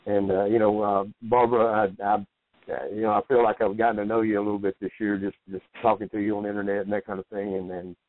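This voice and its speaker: An older man, a wrestling hall of famer, speaking as a guest in a radio interview with a halting, heartfelt manner. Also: fairly low pitch, level tone. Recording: dry, phone-like line.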